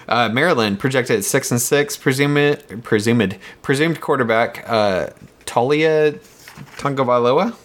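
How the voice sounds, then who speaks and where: Male podcast host, mid pitch, relaxed list-reading, casual chat delivery. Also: moderate pace, hardly any pauses. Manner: relaxed, reads through a list with fillers.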